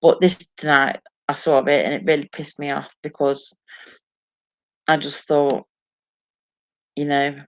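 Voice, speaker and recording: In a dull, lo-fi recording, a woman alone at home chats with her live stream viewers, reading their comments, laughing, and swearing frequently. She speaks low and flat at a measured pace, leaving long pauses.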